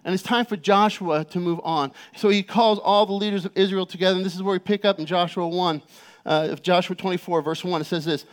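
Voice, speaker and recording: High-voiced middle-aged pastor preaching. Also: male voice, steady tone. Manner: conversational, personal storytelling with frequent fillers; reads scripture aloud slowly. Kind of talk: sermon.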